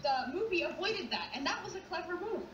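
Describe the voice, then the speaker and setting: A woman's voice: extremely high pitch, big pitch swings, a little fast, a bit bright, lo-fi sound. A woman guesting on a casual online chat, loose and casual, swearing now and then. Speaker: podcast guest. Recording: echoey room, far from mic, faint hiss.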